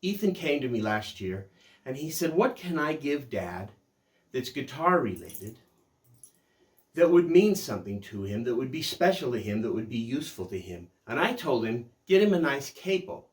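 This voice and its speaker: An older man retelling his grown daughter's words as she gently scolds him, in his own ordinary voice. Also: mid-range voice, very animated, moderate pace, lightly acted. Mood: gently scolding.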